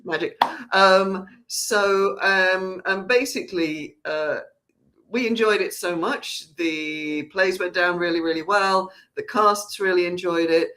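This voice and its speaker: Speaking slowly in a fairly low voice that sounds pushed and bright, a woman who directs a theatre company rambles through an announcement. She keeps it chatty and casual, restarting her sentences often.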